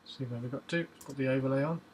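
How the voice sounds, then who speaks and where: A man's voice: medium pitch, fast talker, background noise. A man casually talking through a photo edit on screen, muttering to himself as he works. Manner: relaxed, muttering to himself as he works, hums while waiting. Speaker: photo editing vlogger.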